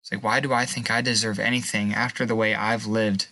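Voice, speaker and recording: Young man, tearful interview guest, halting and emotional; lowish, bright voice, dry close sound. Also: flat delivery, no room sound. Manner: emotional, halting, pauses and restarts. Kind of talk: personal testimony.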